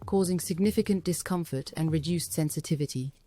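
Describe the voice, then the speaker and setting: A woman with a fairly low voice narrates a documentary in a steady, matter-of-fact tone. Faint music runs quietly under her voice-over. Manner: measured, matter-of-fact delivery.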